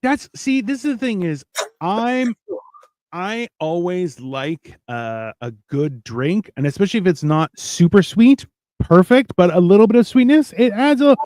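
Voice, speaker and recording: A man's voice: high-pitched, lively intonation, a little slow, darkish tone, no room sound, studio quality. A man telling rambling anecdotes in casual chat, acting out quoted lines in playful voices. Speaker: podcast co-host.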